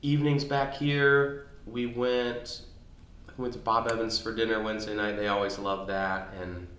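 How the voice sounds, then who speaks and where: A man in his thirties who co-hosts a podcast rambles casually through family anecdotes, restarting often, in a storytelling chat. He was recorded on location near his home, with echo and faint ambience. His voice is fairly low and fairly bright, with little pitch movement and a normal speed.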